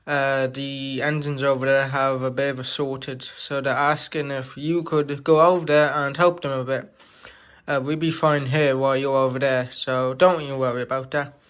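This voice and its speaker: A man's voice: mid-range voice, flat delivery, a bit bright, smooth, close to an everyday voice. A man voicing a bossy male railway controller giving orders. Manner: bossy, hurried instructions.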